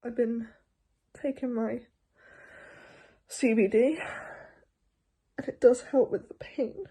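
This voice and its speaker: A young woman with a sore throat talking candidly into her video diary, halting and often hushed. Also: fairly high pitch, fairly even intonation, breathy edge. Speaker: vlogger.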